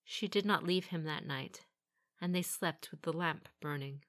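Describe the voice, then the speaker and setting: A woman reading a fantasy novel aloud with steady, even storytelling. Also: low-pitched, unhurried. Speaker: audiobook narrator. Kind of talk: scripted fantasy narration.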